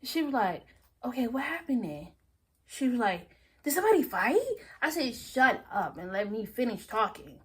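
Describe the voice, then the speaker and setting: A woman's voice: a little high, moderate pace, husky. Laughing young woman telling a story. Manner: animated, laughing often, acts out quoted friends. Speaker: storyteller vlogger. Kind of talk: casual story time.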